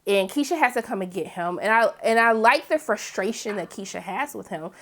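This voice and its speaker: A woman's voice: mid-range voice, lively intonation, brisk, a bit bright. A woman giving a casual, opinionated recap of a TV episode, talking straight to her viewers and breaking into acted quotes of the characters. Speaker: TV recap reviewer.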